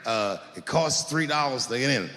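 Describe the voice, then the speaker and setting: A man in his forties doing a stand-up comedy routine, telling drawling stories that swing between low mutters and sudden high, incredulous yelps. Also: lively intonation, moderate pace, pushed and bright. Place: large theater stage with live audience. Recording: live theater recording with hall reverb.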